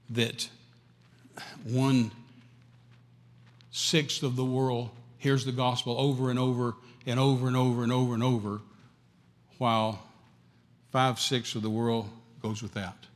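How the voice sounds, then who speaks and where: A man preaching a sermon, emphatic and repetitive, swinging between loud and quiet. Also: medium pitch, flat delivery, measured pace, pauses often, in a large hall.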